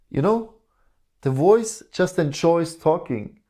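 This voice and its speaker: A man giving a reflective spiritual talk in a calm way, often posing rhetorical questions to the listener. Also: fairly high pitch, measured pace. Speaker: spiritual teacher.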